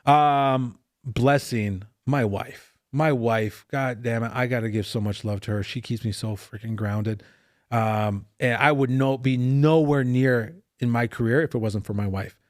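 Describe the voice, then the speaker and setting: Brief: middle-aged man, podcast guest, lively and profane storyteller, mid-pitched, dry booth sound. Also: no echo. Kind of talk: casual chat.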